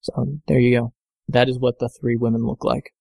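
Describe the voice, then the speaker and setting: A man's voice: medium pitch, level tone, normal speed, gravelly, dark tone, no echo. Rambling male game master, dry sound. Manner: rambling with many fillers and self-corrections. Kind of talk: narrating a tabletop game.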